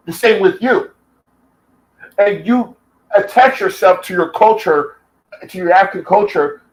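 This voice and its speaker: An American YouTube commentator from the United States fires off an angry reaction rant at another commentator, heated, combative, and full of profanity. His voice is high-pitched, and the recording is rough.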